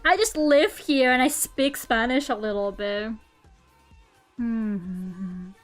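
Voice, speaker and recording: A young woman with a light Russian accent, chatting casually on a stream, self-mocking and quick to laugh loudly. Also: high-pitched, expressive, clean tone, soft background music. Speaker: Vtuber streamer. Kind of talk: casual chat while drawing. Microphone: streaming microphone at home.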